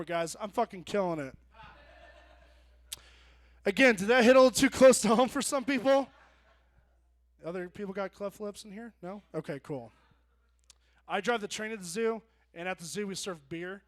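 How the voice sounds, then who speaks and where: A young man in his twenties performing a stand-up set on a bar stage, telling stories deadpan and then jumping into loud punchlines. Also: high voice. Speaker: stand-up comedian. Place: bar stage before a live audience.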